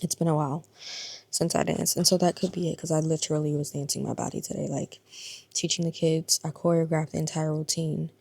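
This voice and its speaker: A worn-out woman in her thirties speaks to her vlog viewers in a low, gravelly voice. She sounds tired and confiding and drops at times into a breathy whisper. Her pitch barely moves, and the sound is close and dry. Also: level tone, brisk, darkish tone, no room sound. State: exhausted and in pain. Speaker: vlogger. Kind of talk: casual personal vlog talk.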